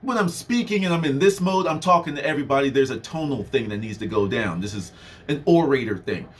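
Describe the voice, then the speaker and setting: A young man giving a casual motivational talk, animated and conversational, full of fillers, swinging his voice up and down for effect. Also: mid-range voice, brisk. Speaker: motivational speaker.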